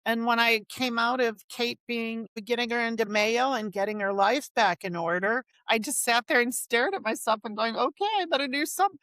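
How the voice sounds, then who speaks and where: A woman's voice: fairly high pitch, moderate pace, hardly any pauses, no echo. A middle-aged woman, a company finance executive, telling stories in a casual conversation and acting out the lines people said. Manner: animated storyteller who acts out quoted dialogue. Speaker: guest, company finance chief.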